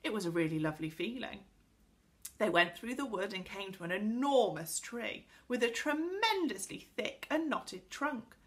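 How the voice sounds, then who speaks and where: A woman teacher reading a children's book aloud to pupils in an expressive storytelling voice. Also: mid-range voice, moderate pace. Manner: speaks directly to pupils.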